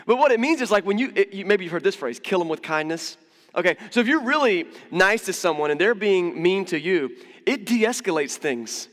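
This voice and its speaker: A man preaching a sermon as pastor in a church, conversational and animated, acting out quoted voices. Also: high-pitched, moderate pace. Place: church hall. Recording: long church reverb.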